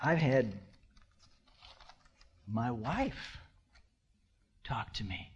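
A man preaching a sermon, swinging between hushed near-whispers and loud, impassioned passages, drawing out key words slowly. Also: fairly high pitch, lively intonation, slightly rough, muffled recording. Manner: slow, drawn-out emphasis on key words. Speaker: pastor.

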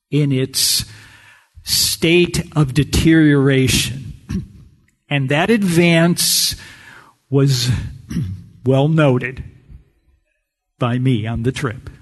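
Man, sermon, folksy storytelling, slightly high voice, long hall reverb. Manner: slow, folksy storytelling with frequent throat clearing. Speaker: preacher.

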